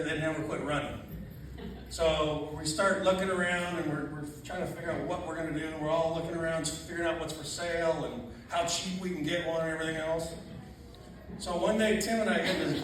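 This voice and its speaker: A man telling laughing, animated stories about a friend at a memorial reception in a church hall. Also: a little high. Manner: animated storyteller, laughing often, acting out quotes. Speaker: funeral reception speaker. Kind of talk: storytelling at a memorial gathering. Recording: very echoey, distant, noisy room.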